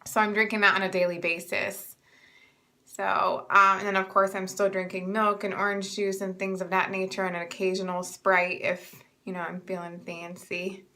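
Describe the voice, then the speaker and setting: A young woman talks casually to her viewers in a bright, clear-toned voice. She sounds a little stuffed up and short of breath, and she rambles along with plenty of ums. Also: medium pitch, level tone, normal speed. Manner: chatty, rambling with many ums. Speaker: vlogger sharing pregnancy updates. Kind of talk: casual chat to camera.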